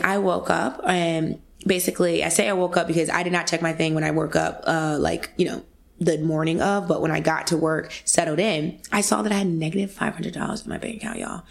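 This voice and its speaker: Brief: woman in her twenties, podcast guest, casual and animated storytelling, slight vocal fry. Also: on the low side. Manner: animated, acts out quoted voices, addresses listeners as y'all.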